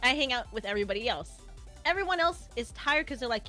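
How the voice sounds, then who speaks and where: A woman telling a funny story on a livestream, animated and swearing freely as she acts out what people said. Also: a little high, fast talker, faint music behind. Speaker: guest co-streamer. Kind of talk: casual storytelling chat.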